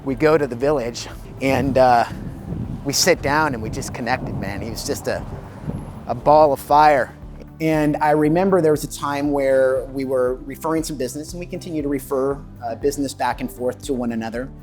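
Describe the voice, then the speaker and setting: A man's voice: mid-range voice, normal speed, a little mellow, faint music behind. A man hosting a casual interview inside an office, eager and affirming as he talks with his guest. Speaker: host, mortgage loan officer. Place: inside a real estate office.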